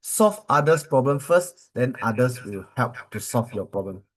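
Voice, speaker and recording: A man's voice: medium pitch, very animated, moderate pace, low-quality recording. A man with a Malaysian English accent, a corporate trainer telling motivational stories and quizzing his audience, with many fillers.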